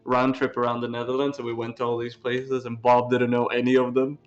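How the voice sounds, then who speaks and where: A man's voice: medium pitch, completely flat delivery, brisk, muffled recording, soft background music. A man from Sweden, chatting casually on a stream, joking and swearing freely. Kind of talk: casual chat.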